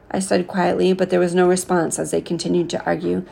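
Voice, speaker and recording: A woman reading a novel aloud in a steady, earnest way. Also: fairly low pitch, a little fast, vocal fry, hardly any pauses. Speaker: reader.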